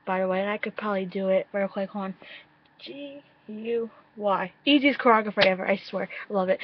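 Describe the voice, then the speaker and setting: A young woman with a slightly high voice vlogs her excited reaction to a music video, gushing, swearing freely and quoting her own reactions with frequent laughter. The audio is dry, dull lo-fi webcam sound.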